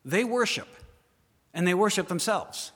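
A man's voice: sits high, animated, a little slow, slightly rough. Man preaching in a reverberant hall. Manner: dramatic, questions the listeners directly, swings from loud to hushed. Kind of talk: sermon.

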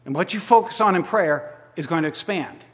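This man preaches as a pastor, his high-sitting voice animated and a little fast. He reads scripture and follows it with pointed rhetorical questions, recorded in a large hall with long reverb.

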